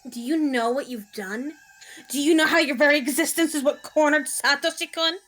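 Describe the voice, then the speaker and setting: A woman's voice: sits high, normal speed, a bit bright, a little hiss or hum, voice pushed up. Woman voicing a cruel, taunting young torturer. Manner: taunting, sneering, laughing. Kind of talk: dramatic reading of a visual novel.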